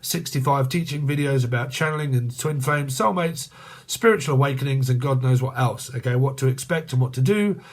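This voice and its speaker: A man's voice: mid-range voice, fairly quick. Crude joking man reading tarot. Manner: crude joking, laughs often; rambling, chatty. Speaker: tarot reader.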